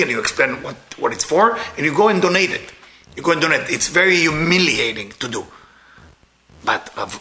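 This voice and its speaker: A man giving an informal sermon in non-native English, emphatic, swinging from loud bursts to hushed asides. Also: a little high, a little hiss or hum.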